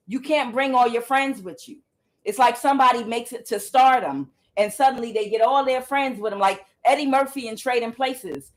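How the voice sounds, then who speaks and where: A woman's voice: on the high side, moderate pace. Blunt, profane woman reading tarot. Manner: talks aloud to the Holy Spirit, blunt and profane. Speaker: tarot reader. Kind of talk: casual spiritual tarot reading.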